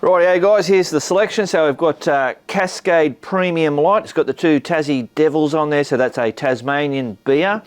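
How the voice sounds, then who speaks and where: A man's voice: on the high side, normal speed, few pauses, smooth. A middle-aged Australian man hosting a motorcycle vlog, chatting in a blokey way with plenty of swearing, ums and uhs. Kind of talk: casual vlog chat.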